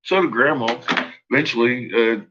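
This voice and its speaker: A man's voice: medium pitch, normal speed, muffled recording, background noise. A man telling a rambling personal story, swearing freely and laughing often. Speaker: vlogger.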